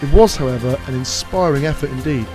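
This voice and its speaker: A male sports reporter reads a scripted package at mid pitch in a formal, polished style. Clear music plays under his narration. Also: quick pace.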